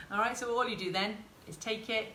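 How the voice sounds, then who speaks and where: A female tutor with a higher-side voice gives a friendly live sewing demonstration, talking and offering encouragement to viewers in chat. Background noise, roomy echo, and faint ambience are present.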